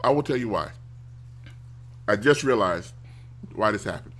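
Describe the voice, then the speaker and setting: A man ranting casually to a stream audience, animated and given to mocking impressions. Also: lowish voice, moderate pace, slight background noise. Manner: animated, mocks others in loud exaggerated voices.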